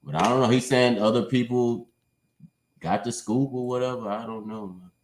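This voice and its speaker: A man of middle pitch hosting a casual livestream panel. He sounds animated and skeptical and swears freely. The sound is roomy and echoey. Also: normal speed.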